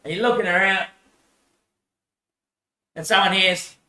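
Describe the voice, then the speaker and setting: A man's voice: sits high, moderate pace, pushed and bright, roomy sound. A man in a rambling monologue, repeating himself, swearing and laughing often.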